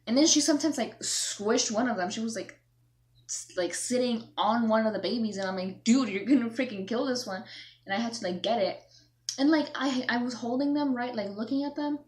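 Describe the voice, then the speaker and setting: A woman's voice: a little high, fairly quick. A young woman vlogging, telling a story in a rambling, self-mocking way, acting out herself and her mom. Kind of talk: casual storytelling to camera.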